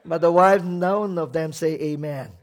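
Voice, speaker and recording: A man's voice: fairly high pitch, unhurried. A man preaching a sermon as pastor, emphatic, asking the congregation rhetorical questions and acting out quoted voices.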